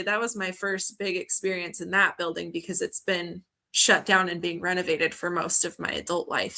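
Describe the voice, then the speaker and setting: A young woman from Montana, a guest on a video-call interview, telling ghost stories in a lively way and laughing often. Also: mid-range voice. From Montana, USA. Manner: animated storyteller, laughs often. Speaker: guest, film festival organizer.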